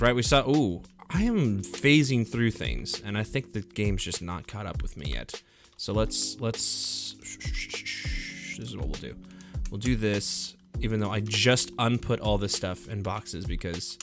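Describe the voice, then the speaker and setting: A man's voice: on the low side, fairly bright tone. A young man rambling upbeat, casual chat while he streams himself playing a game. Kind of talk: casual live gameplay chat. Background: faint background music.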